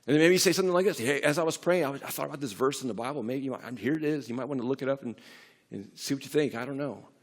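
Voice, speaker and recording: A man's voice: medium pitch, very fast. A middle-aged man preaching a sermon in a church, talking conversationally with frequent restarts and building to emphatic peaks. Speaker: pastor. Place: church sanctuary.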